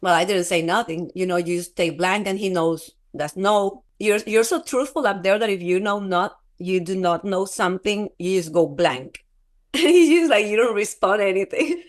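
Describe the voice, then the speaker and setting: A woman guest telling a personal testimony in an interview, halting and repeating herself, acting out quoted dialogue as she goes. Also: medium pitch. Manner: halting, repeats words, restarts often; animated retelling with quoted dialogue.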